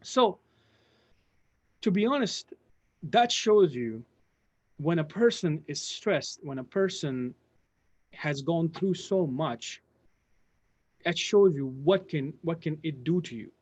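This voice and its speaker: On his channel's live stream, a host recounts his career in a rambling way, full of restarts and asides to viewers. His voice is a little high and expressive, slow, with frequent pauses, captured in dull lo-fi sound.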